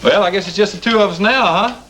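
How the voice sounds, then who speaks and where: A man's voice: high voice, fast talker, a bit bright, slight background noise, low-quality recording. An actor in a 1980s TV soap playing a friendly, joshing man who fancies himself a comedian. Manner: easygoing, joshing. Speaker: friendly joker, would-be comedian.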